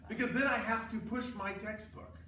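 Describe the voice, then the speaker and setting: A man's voice: sits high, steady tone, normal speed, bright, forceful tone, slight background noise. A man teaching a choral conducting class, lecturing emphatically with sarcastic asides. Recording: echoey room, distant mic.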